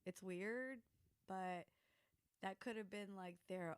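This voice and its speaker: A woman co-hosting a podcast in casual chat, joking and animated, breaking into mock voices. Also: medium pitch, slow, smooth. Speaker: podcast co-host.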